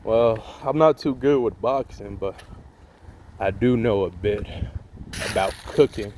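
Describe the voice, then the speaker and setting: Man voicing a laid-back chef-fighter guy, lower and drawling, cocky. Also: a little slow, background noise, close to an everyday voice. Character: cool, smoking adult male chef and fighter.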